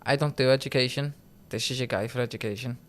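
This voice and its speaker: Bright-voiced Scouse man, chatty. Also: medium pitch, fast talker. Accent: Liverpool (Scouse). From Liverpool, England. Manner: animated, laughs often, slangy. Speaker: podcast guest, trading firm CEO. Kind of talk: casual chat.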